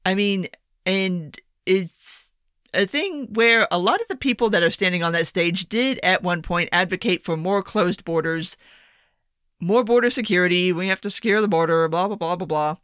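A woman's voice: on the low side, normal speed, a bit bright, clean tone, dry recording, studio quality. A woman giving casual political commentary, sarcastic and profane, often exasperated.

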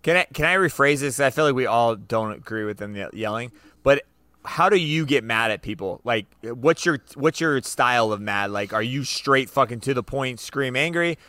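A man's voice: mid-range voice, lively intonation, normal speed, sharp tone, dry recording. A man co-hosting a casual podcast chat, telling stories about himself with easy humor. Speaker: podcast co-host.

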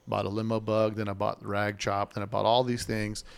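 A man's voice: lowish voice, level tone, fairly quick, creaky, smooth. A man hosting a casual chat about classic cars, rambling and laughing as he acts out voices in his stories. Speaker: show host. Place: Las Vegas.

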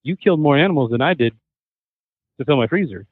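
A man's voice: fairly high pitch, fast talker, no room sound. A man talking as a podcast guest, telling stories with animation and acting out the voices of the people he quotes. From Southern California. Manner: animated storyteller who acts out quoted voices. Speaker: podcast guest, hunter and chef. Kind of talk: casual conversation. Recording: thin phone-like remote line, dry.

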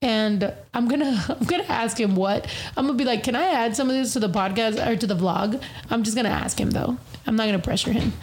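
A woman's voice: on the high side, brisk, hardly any pauses. A woman in her thirties hosting a casual podcast, rambling and swearing freely, a little tipsy. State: tipsy from beer. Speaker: podcast host.

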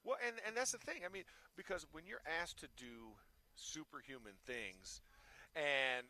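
A former pro football player talking casually and telling stories animatedly. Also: male voice, on the high side, moderate pace. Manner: animated storyteller, acts out quotes. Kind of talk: casual sports talk.

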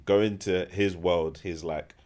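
A man's voice: low-pitched, fairly even intonation, unhurried, darkish tone. A young man, co-hosting a podcast in laid-back, slangy casual chat with frequent chuckles. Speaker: podcast co-host.

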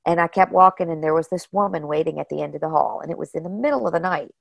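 A woman guest telling personal stories in a casual, animated way, often saying "you know" and "like". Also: sits low, fast, creaky, no echo. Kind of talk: casual storytelling.

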